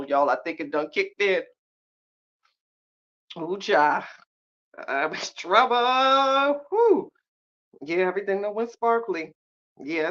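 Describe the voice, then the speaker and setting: A woman hosting a podcast in casual live-stream chat, talking with sass, drawn-out exclamations and frequent laughter as she reacts to viewers. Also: fairly low pitch. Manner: sassy, animated, laughs often; drawn-out exclamations and slangy asides. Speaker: podcast host. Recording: slightly muffled lo-fi sound.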